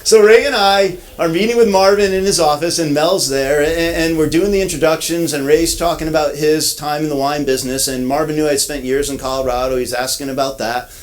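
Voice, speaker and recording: A man's voice: fairly high pitch, steady tone, a little fast, hardly any pauses, poor audio. A man with a slightly raised voice tells a story at a groundbreaking ceremony. He often restarts and repeats himself as he goes along, keeping it easy for the crowd. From Connecticut, US. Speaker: event speaker. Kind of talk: ceremony speech with anecdotes. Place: outdoor ceremony.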